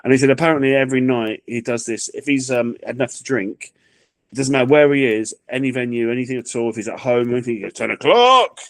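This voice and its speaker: A man's voice: mid-range voice, steady tone, quick pace, dry recording. A man chatting casually as a comedian guest, telling anecdotes with acted-out quotes. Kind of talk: casual chat, storytelling.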